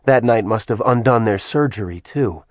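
A man reading a dramatic fantasy audiobook aloud in steady, dramatic storytelling narration. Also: lowish voice, normal speed, no room sound. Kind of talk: scripted narration.

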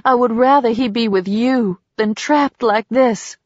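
A woman's voice: on the high side, measured pace, a little mellow, no echo. A woman voicing a heartbroken young woman who pleads tearfully for her lost lover, in a storybook reading. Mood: desperate. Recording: slightly dull dry recording.

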